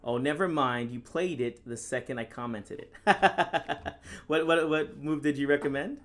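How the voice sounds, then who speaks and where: Deadpan sarcastic chess streamer, a man. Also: fairly high pitch, a little slow. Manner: casual, deadpan sarcastic, reads chat questions aloud and answers them. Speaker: chess streamer and National Master. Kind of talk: live-stream commentary while playing.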